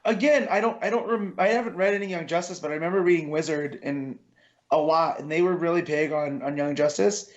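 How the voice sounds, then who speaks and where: A man's voice: fairly high pitch, fairly quick, lo-fi sound. A man co-hosting a podcast, talking eagerly and chatting casually with fillers. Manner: eager, enthusiastic fan talk with fillers. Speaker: podcast co-host. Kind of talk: casual chat.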